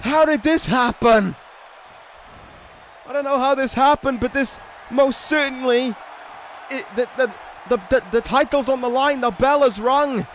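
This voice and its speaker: Man, high-pitched, video game play-by-play, excitable, sarcastic, casual swearing. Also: a little slow, long pauses, some chatter behind, a little hiss or hum. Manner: excitable, swings from dry sarcasm to stunned shouting. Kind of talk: play-by-play commentary over a wrestling video game.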